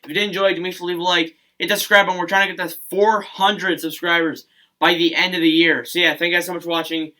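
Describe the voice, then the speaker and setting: Young guy doing a hockey vlog, kinda high bright voice, keeps restarting sentences. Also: level tone, fast talker. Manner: rambling, frequent restarts and self-corrections. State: hiccuping. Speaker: hockey channel host. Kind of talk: casual sports vlog commentary.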